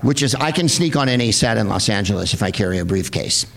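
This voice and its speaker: A man's voice: expressive, fast, vocal fry, crowd noise. A man hosting a film screening, talking to a live audience in a rambling, sardonic, profane comic style. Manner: rambling, sardonic, profane, with sudden high-pitched put-on voices.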